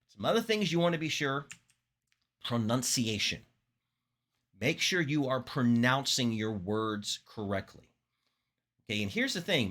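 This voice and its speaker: Speech instructor, man from Florida, mid-pitched, animated classroom delivery with deliberate pauses. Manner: lively, with emphatic pitch jumps and deliberate pauses. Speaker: public speaking instructor. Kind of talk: classroom lecture.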